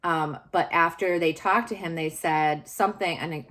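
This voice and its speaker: A woman with a notably low voice speaks straight to camera in a candid, confessional way. She searches for her words, circles back and restarts often. It sounds unscripted and personal. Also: fairly even intonation, normal speed, fairly bright tone. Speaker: vlogger sharing personal story.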